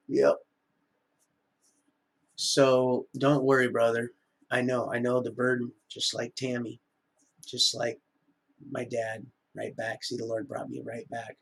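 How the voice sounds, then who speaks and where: A man's voice: mid-range voice, steady tone, unhurried, gravelly, breathy edge. A middle-aged man rambling through a live-stream monologue, often wandering off topic. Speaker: livestreamer.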